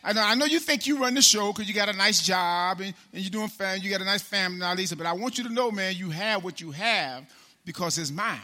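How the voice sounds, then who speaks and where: A man preaching a casual sermon in a church, talking straight to the congregation and calling people by name, then slowing down to read scripture aloud. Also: high-pitched, bright, forceful tone. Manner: conversational, addresses congregation by name, slows for scripture. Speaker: pastor.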